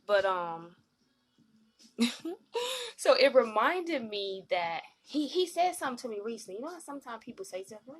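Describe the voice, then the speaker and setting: A woman hosting a live-stream talk show, animated and slangy, often acting out what other people said. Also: fairly high pitch, moderate pace, pauses often. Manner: animated, slangy, acts out quoted voices.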